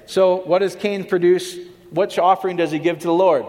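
Male preacher, slightly high voice, conversational sermon delivery, long hall reverb. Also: fairly even intonation, moderate pace, few pauses, darkish tone. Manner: conversational, checks in with the audience.

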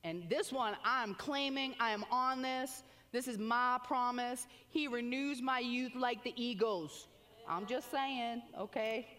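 A woman preaching a sermon with animated exclamations, reading scripture aloud between comments. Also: sits high. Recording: long hall reverb.

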